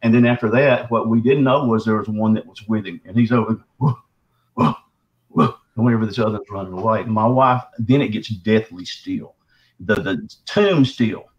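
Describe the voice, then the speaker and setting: Fast-talking man, folksy storyteller. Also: on the low side, highs cut off. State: sore throat. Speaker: guest. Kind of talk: casual storytelling.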